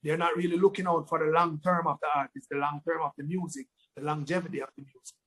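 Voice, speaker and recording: A man with a Jamaican accent, a dancehall artist talking casually in an interview, relaxed and often repeating words as he thinks. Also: fairly high pitch, fast, rough recording. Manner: relaxed, repeats words, breaks into his song lines.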